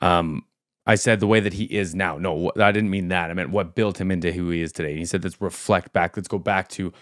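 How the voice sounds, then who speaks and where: A man's voice: low-pitched, steady tone, fairly quick, no room sound, studio quality. A man hosting a music reaction video, talking casually and rambling aloud with lots of fillers as he thinks.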